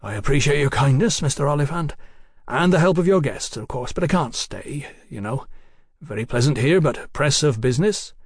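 A worldly Victorian gentleman, condescending and clipped, talking down with dry politeness, as a man reads him in a storybook. The sound is close and dry. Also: medium pitch, lively intonation, normal speed, breathy edge, no room sound. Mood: patronizing.

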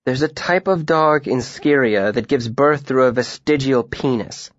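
A man's voice: mid-range voice, unhurried, no echo, dull audio, lightly acted. A man voicing a prickly, defensive young female student. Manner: defensive, muttering.

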